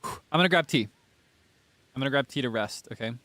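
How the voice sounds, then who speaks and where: A man's voice: medium pitch, lively intonation, fairly quick, pushed and bright, no room sound. A man casually chatting to his viewers while streaming a game, talking straight to them and breathless from laughing fits. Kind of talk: casual gameplay stream chat.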